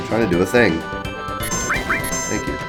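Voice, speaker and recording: A man streaming live gameplay commentary, a bit sick in the voice, who yells at the game when things go wrong. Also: lowish voice, measured pace. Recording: faint game music behind.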